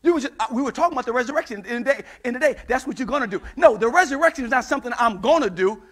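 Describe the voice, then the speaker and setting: High, bright-voiced preacher man. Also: lively intonation, rapid-fire. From United States. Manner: call-and-response preaching that builds into shouting, acting out Bible dialogue. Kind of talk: sermon.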